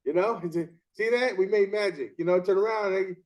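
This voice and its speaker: A man hosting a casual chat and telling umpiring stories in an animated way, acting out the scenes. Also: sits high, normal speed. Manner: animated storyteller, acts out scenes. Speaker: interview host and umpire.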